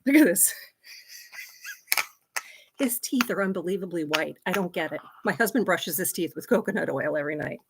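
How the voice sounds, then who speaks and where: A woman's voice: fairly low pitch, lively intonation, moderate pace, pauses often, very noisy. A middle-aged woman hosting a casual livestream, chatty and laughing often as she talks to viewers and her dog. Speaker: livestream host.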